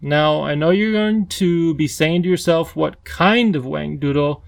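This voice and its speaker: A man voicing a lonely, eager male creature king, the Wangdoodle, who lisps and talks excitably. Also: a little high, unhurried, creaky. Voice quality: lisping. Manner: excitable, bouncy, pleading.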